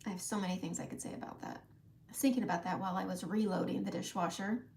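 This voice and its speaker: A woman's voice: medium pitch, steady tone, quick pace, creaky, a little mellow, a little hiss or hum. A middle-aged woman hosting a casual live makeup tutorial from home, chatting with viewers by name and laughing often. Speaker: makeup livestream host.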